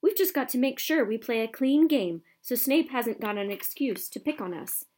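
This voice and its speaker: A woman voicing a stern boy team captain who yells orders at his team in a storybook reading. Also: fairly high pitch, animated, normal speed, voice pushed up. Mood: angry scolding. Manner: yelling, urgent.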